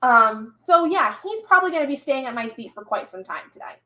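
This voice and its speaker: A woman's voice: sits high, animated, a little fast, bright, forceful tone. A young woman streamer chatting casually to live viewers, telling a story with lots of fillers and little laughs. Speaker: streamer hosting a reading sprint. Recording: echoey room.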